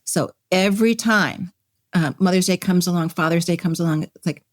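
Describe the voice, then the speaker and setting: A woman with a lowish voice talks as a podcast guest. She is candid and reflective, and her sentences tumble over restarts. The recording is close and dry. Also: moderate pace, no room sound. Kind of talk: candid conversational interview.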